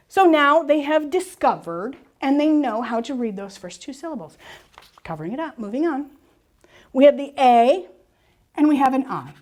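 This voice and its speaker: A woman leading a workshop for teachers, explaining reading rules step by step with quick questions and answers. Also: sits high. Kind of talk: presentation to teachers and parents.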